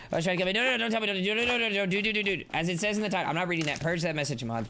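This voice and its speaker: A man streaming live gameplay commentary, excitable and playful, rambling on and chatting with his viewers. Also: high voice, racing, creaky, few pauses, a little hiss or hum.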